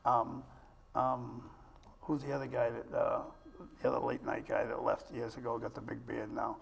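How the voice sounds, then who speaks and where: A man's voice: medium pitch, flat delivery, moderate pace, vocal fry. An older man hosting a talk show interview, chatty and telling long personal stories. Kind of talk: casual interview chat.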